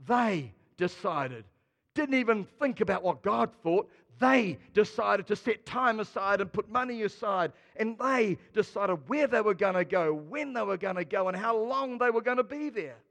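A man preaching a sermon, expressive and dramatic, swinging between quiet asides and loud emphasis. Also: sits high, moderate pace, gravelly, in a large hall. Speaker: pastor.

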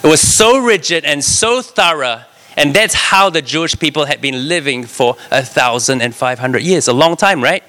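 In a slightly high voice and at a middling pace, a man delivers an animated sermon, reading passages of scripture and explaining them while frequently asking his listeners "right?"

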